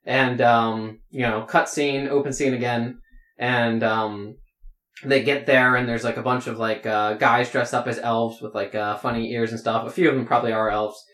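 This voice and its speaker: A man's voice: mid-range voice, steady tone, normal speed, a bit bright. A man running a tabletop game as game master, rambling with many fillers. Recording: roomy echo.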